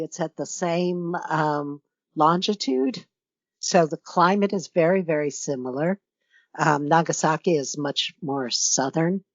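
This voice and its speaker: A woman's voice: low voice, no room sound, lo-fi sound. An older woman from New York with a New York accent, a guest author in a casual interview, talking reflectively and rambling with many fillers.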